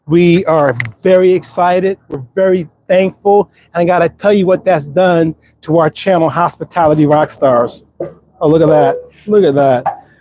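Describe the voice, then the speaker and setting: A man's voice: high-pitched, a little mellow, dry recording, rough recording. A middle-aged man hosting a live cooking stream, chatting to viewers and coaxing the burgers as he grills outdoors. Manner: upbeat, chatty, talks to the food while cooking. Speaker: cooking channel host. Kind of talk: live grilling demonstration, casual talk to viewers.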